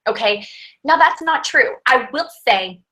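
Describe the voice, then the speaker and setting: A woman with a bright, forceful voice coaching her sales team in a pep-talk style. She sits a little high in pitch and keeps things chatty, upbeat and peppered with fillers. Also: lively intonation, a little slow, low-quality recording.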